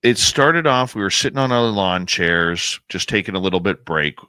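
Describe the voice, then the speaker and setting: A man telling a suspenseful outdoor experience as a guest on a podcast, animated and pausing to build suspense. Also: deep voice, clean tone, no echo. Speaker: guest, paranormal researcher and radio host. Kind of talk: casual storytelling in a podcast interview.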